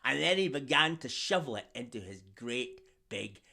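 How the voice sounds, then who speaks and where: A man's voice: mid-range voice, animated, normal speed, gravelly, a crowd in the background. A man telling a story to children, theatrical and drawing the listeners in to join along. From Scotland. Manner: theatrical, asks the young audience to join in.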